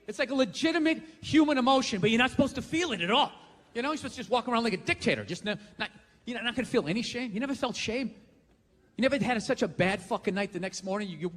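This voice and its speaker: A male stand-up comedian, profane and ranting, shouting his punchlines during a live routine. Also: very high voice, a little hiss or hum. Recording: live theater with long reverb and faint ambience.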